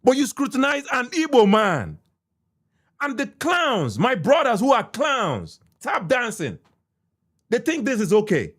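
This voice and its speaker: A man's voice: extremely high pitch, wildly swooping pitch, unhurried, a bit bright. A young Nigerian man with a Nigerian English accent and pidgin, hosting a podcast and ranting heatedly, repeating himself and cursing. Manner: heated, repetitive, cursing, indignant. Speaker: podcast host reacting to an interview. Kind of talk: ranting commentary.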